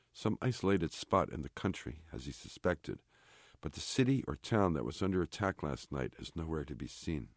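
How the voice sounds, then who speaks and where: A man, the author, reading a chapter of his novel aloud in a measured, even way. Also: very deep voice, no room sound, clean studio sound. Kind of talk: literary reading.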